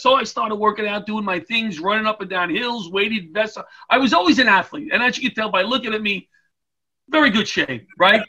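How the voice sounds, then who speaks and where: A middle-aged man tells stories as an interview guest, his voice pitched high. He talks in a bright, forceful way and slips into voices for the people in his anecdotes. He is heard over a video call. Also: a little fast. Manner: animated, comic, acts out voices in anecdotes. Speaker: guest, retired firefighter and comedian. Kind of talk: storytelling interview chat.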